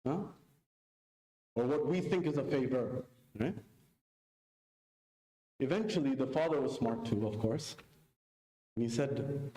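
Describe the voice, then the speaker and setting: A man giving a sermon, telling a story and acting out its dialogue with big pitch jumps. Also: a little slow, long pauses, mellow. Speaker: preacher. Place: mosque hall. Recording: echoey mosque hall.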